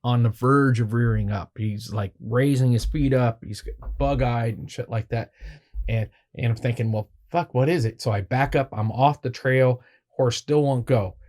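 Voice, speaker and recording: A man's voice: medium pitch, steady tone, a little slow, a little mellow. Laid-back man telling a story. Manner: rambling, profane, laid-back anecdotes. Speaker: podcast guest photographer. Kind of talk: casual storytelling.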